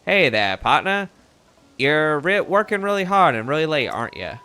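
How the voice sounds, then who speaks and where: An eager little bird reporter who spooks easily, read aloud by a man playing a video game. The lines swing up and down in a lively way, with faint game music underneath. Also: a little high, normal speed, clean tone, voice pushed up. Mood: chatty. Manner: reading game text aloud with lively rises. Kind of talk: reading game dialogue aloud.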